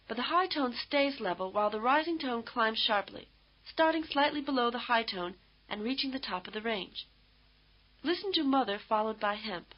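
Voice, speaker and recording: A woman giving measured, explanatory scripted narration for a language course. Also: fairly high pitch. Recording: dull lo-fi course audio.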